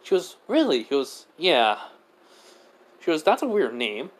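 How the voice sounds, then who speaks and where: A young man casually narrating a made-up fan story, full of restarts and "basically". His pitch sits at an ordinary middle level for a man. The delivery is loose and unscripted. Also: big pitch swings, a little slow. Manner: rambling, filler-heavy retelling with many "he goes, she goes".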